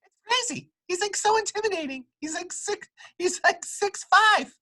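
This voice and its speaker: A man doing a mocking falsetto impression of a squeaky-voiced male baseball pitcher. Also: expressive, normal speed, pushed and bright, exaggerated voice. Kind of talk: casual podcast banter.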